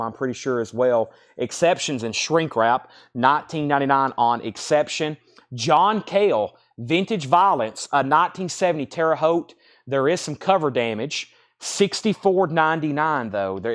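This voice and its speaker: A man with a Southern US accent, hosting a live-stream vinyl sale, reading off bids and describing records in a brisk, chatty way. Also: fairly high pitch. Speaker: live auction seller.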